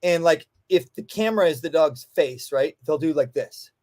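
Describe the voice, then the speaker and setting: A man's voice: on the high side, animated, normal speed, darkish tone. A man, a dog trainer and guest, telling stories in a casual, emphatic way with frequent swearing, acting out the voices he quotes. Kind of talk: animated storytelling in casual conversation.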